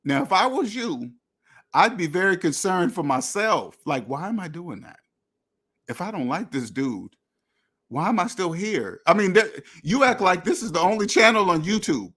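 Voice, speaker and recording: A man's voice: high-pitched, big pitch swings, moderate pace, fairly bright tone, breathy edge. A man hosting a money channel, talking bluntly and repetitively straight to his viewers with many restarts. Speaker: finance channel host. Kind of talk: direct-to-camera rant.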